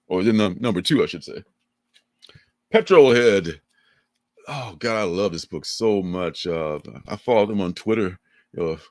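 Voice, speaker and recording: An older man with a low voice chats loosely on a livestream, his pitch swinging up and down as he gets excited. He rambles, laughs a lot and sounds close and dry, with no room around him. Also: no room sound. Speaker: livestream co-host. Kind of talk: casual chat.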